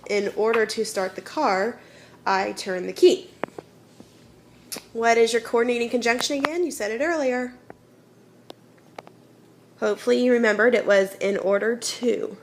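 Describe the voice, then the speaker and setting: A woman's voice: on the high side, moderate pace, long pauses, slight background noise. A woman teaching a children's grammar lesson, patiently explaining step by step and often checking in with "okay?". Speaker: elementary school teacher.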